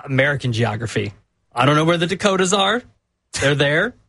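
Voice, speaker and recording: A man's voice: on the high side, very animated, brisk, gravelly, fairly bright tone, husky, no room sound. A man co-hosting a sports radio show, teasing and insistent in casual banter, repeating his point over and over. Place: radio studio.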